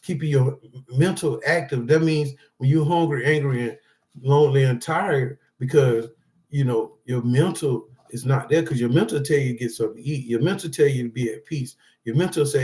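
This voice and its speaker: A man's voice: mid-range voice, brisk, dark tone. A man speaking casually to viewers as a support group speaker, reading from notes and giving loose, rambling advice with frequent check-ins like "all right?". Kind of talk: casual motivational talk. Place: indoors, reading from notes to camera.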